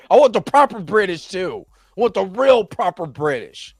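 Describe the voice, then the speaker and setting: A high-pitched, husky man hosts a live reaction stream, chatting loosely, joking around and rambling with frequent laughs. There is no room sound.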